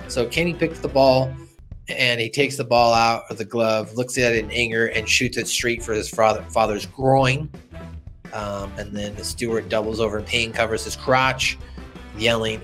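A man co-hosting a casual podcast, retelling cartoon scenes and jumping into high put-on character voices. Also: fairly even intonation, moderate pace, fairly bright tone, faint music behind. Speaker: podcast co-host.

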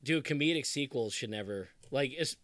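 Podcast co-host, man, thirties, animated and quick to laugh, mid pitch, dry close mic. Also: dry recording. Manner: animated, quotes movie lines in put-on voices, laughs often. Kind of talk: casual chat.

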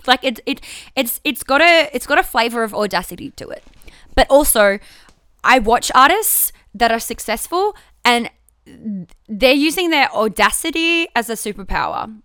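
A woman with a fairly high voice, very bright and crisp, talks frankly on her own podcast. She curses casually and often restarts her sentences as she works through her thoughts. The sound is close and dry. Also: expressive, unhurried, no echo. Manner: candid, frank and swearing, with many restarts. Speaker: podcast host. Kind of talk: casual solo podcast talk.

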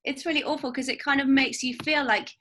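Bright-voiced chatty woman host. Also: high-pitched, fairly even intonation, fast, a little hiss or hum. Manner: chatty, agreeable, asks questions. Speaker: podcast host. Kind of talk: casual interview chat.

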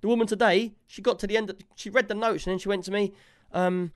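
Guy ranting fast about his week, fairly high voice, dry sound. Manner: animated storytelling, quotes others in dialogue. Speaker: guest telling a story. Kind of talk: casual chat.

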